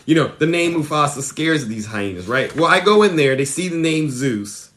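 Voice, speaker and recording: A man hosting a satirical live stream, talking in a mock-earnest, animated way that rises excitedly as he retells stories. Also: a little high, moderate pace.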